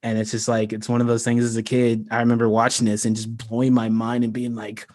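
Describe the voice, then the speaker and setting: In a quick, mid-range voice, a man from the United States casually talks through his fantasy world on a livestream. He rambles comfortably, peppering his speech with "like" and laughing often. No echo is present.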